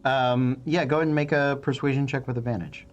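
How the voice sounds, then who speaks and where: A man narrating as game master in a tabletop game, halting with frequent fillers and restarts. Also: mid-range voice, steady tone, dull audio.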